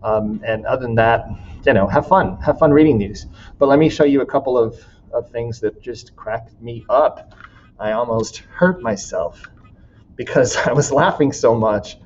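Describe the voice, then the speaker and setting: A man's voice: medium pitch, moderate pace, muffled recording, a little hiss or hum. A man teaching a class in a recorded walkthrough, casual and laughing often as he reads student writing aloud.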